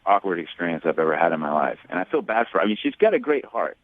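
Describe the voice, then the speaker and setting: A man calling in to a radio show, talking haltingly with many restarts and fillers. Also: deep voice, sing-song, no room sound. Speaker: caller. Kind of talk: phone call on a radio show. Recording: tinny phone line.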